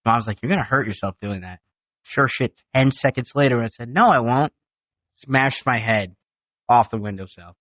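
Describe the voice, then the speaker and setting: Young adult son guest, animated storyteller, casual swearing, dry mic. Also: male voice, medium pitch, normal speed, dry recording. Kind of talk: casual family podcast chat.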